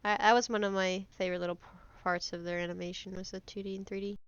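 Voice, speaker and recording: A young American woman reacts to videos in a casual, excitable chat, swearing freely. Her nose is stuffy from allergies, but her voice is smooth and clear. The recording is dry and slightly dull. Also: mid-range voice, quick pace, no room sound. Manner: excitable, swears freely, slips into a French accent.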